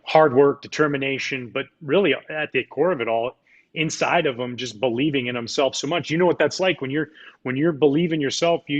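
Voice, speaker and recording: Man asking questions over a dull line. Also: medium pitch. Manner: enthusiastic, long wandering questions. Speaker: interviewer, host. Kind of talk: casual interview chat.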